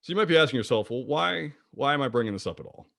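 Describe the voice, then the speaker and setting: A man presenting an online slide lecture about birds, playful and jokey, with wide swings in pitch. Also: animated, fast, gravelly, bright, forceful tone, dry recording, clean studio sound. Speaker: guest presenter of a bird talk.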